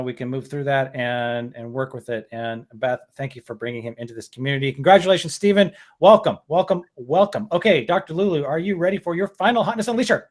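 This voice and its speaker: A man hosting an online community show, effusively congratulating and welcoming guests. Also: medium pitch. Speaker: host.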